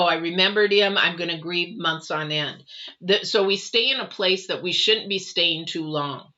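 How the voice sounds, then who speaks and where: A middle-aged woman hosts a live tarot reading in a bright, forward voice. She is earnest and repeats her points as she talks straight to the viewers. The livestream audio sounds slightly dull and lo-fi. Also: on the low side. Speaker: tarot reader and livestream host.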